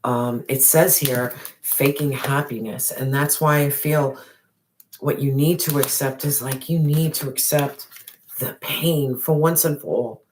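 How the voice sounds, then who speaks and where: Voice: medium pitch, measured pace, a little hiss or hum. A tarot reader giving a spiritual reading straight to the viewer, emphatic and repetitive, with casual slang and the odd swear.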